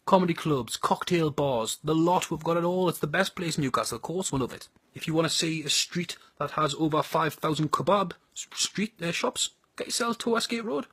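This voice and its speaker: A man's voice: a little high, animated, a little fast, hardly any pauses, a bit bright, husky, dry recording. A man with a Geordie accent giving a crude, blunt and sardonic comic monologue about his home city. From North East England.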